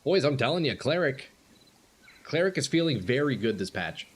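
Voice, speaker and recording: A man's voice: medium pitch, moderate pace. A young man streaming a video game, talking chattily to other players and calling them bro. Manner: chatty, calls people bro and brother. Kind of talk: live gameplay commentary. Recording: steady noise behind the voice.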